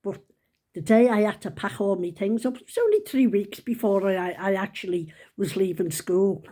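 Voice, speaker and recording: Older woman, 70s, chatty rambling storyteller, mellow tone, laughs at herself. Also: medium pitch, expressive, normal speed. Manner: chatty, rambling, self-mocking, laughs while telling. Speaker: vlogger. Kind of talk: casual storytelling.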